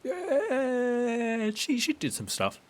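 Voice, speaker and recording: A man's voice: on the low side, lively intonation, normal speed, a bit bright, a little hiss or hum. A man streaming a video game, joking casually and reacting with gasps while reading lines aloud. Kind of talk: casual let's-play commentary. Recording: game music playing behind.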